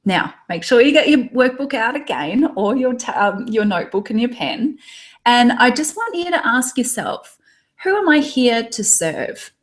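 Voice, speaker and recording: A woman's voice: a little high, very animated, normal speed. Upbeat Australian woman coaching a webinar. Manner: upbeat, encouraging, reads out viewers' chat comments. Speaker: online business coach for tarot readers. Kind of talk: live webinar training.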